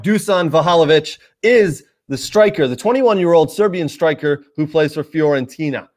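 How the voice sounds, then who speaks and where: Man, soccer show host, chatty casual commentary, talks straight to viewers, mid-range voice. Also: mid-range voice. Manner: chatty, addresses viewers directly, many fillers.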